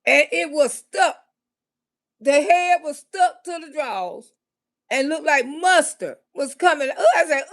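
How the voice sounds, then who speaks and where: Gravelly high-voiced woman telling a comic story. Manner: animated, laughs often, loud exclamations. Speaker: comedian storyteller. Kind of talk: comedic storytelling livestream.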